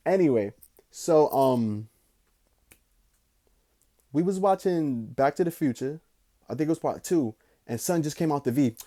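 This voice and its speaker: Mellow, slangy young man rambling. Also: on the high side. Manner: loose, slangy and profane, swings between slow musing and excited bursts. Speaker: podcast host. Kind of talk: casual rambling storytelling.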